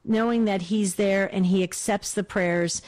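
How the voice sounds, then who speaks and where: A woman's voice: medium pitch, fairly even intonation. A woman hosting a religious call-in radio show, speaking earnestly and encouraging listeners and callers. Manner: warm encouraging, slow and earnest. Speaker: radio host.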